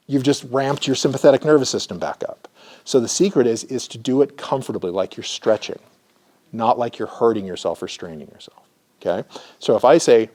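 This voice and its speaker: A man who works as a therapist, giving an educational lecture and demonstrating slow breathing, often checking in with "right?". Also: medium pitch, lively intonation, darkish tone. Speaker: therapist teaching a class.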